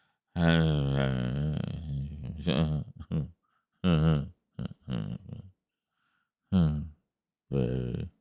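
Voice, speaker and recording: A man's voice: rumbling low, very slow, vocal fry, long pauses, dry recording, phone-quality sound. A man hosting a livestream, chatting casually with viewers, reading their messages aloud and laughing often. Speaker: livestream host.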